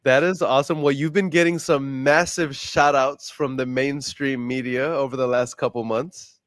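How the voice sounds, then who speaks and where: A man's voice: medium pitch, steady tone, moderate pace, fairly bright tone, no echo, clean studio sound. A man hosting a casual vlog, talking upbeat and polite on a sales call, then joking with a friend. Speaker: real estate investor and vlog host. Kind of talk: casual phone call and chat.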